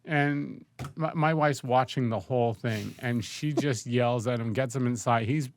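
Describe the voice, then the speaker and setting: A man's voice: mid-range voice, measured pace. A man co-hosting a podcast, chatting casually with dry joking asides. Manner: laid-back, joking asides. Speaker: podcast co-host.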